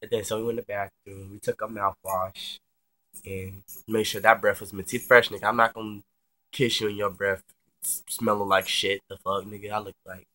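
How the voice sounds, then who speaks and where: Young guy spilling a story to camera, low-ish voice but bright and punchy, slangy and cussing a lot. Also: little pitch movement, normal speed. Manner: chatty and slangy, swears freely, many fillers. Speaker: vlogger telling a personal story.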